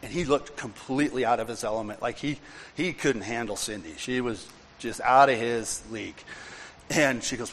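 A man's voice: medium pitch, brisk, fairly bright tone, a little hiss or hum. Man preaching in a reverberant church. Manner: conversational storytelling that builds to emphatic repetition. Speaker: pastor. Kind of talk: sermon with personal storytelling. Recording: long reverb and faint room ambience.

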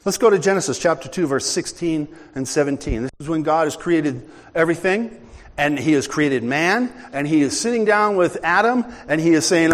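An older man preaching a sermon in an animated, conversational way, acting out bits of dialogue. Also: on the high side, moderate pace, in a large hall. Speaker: pastor.

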